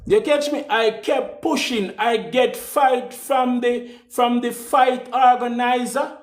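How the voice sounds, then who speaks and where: A man's voice: extremely high pitch, steady tone, slow, reverberant, faint music behind. A man with a Jamaican accent giving a motivational monologue, preachy and emphatic, often repeating himself.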